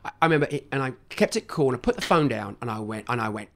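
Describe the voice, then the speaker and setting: English guy, quick animated storyteller, podcast guest. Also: mid-range voice, gravelly. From England. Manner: animated, acts out quoted voices. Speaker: guest, skateboard company founder.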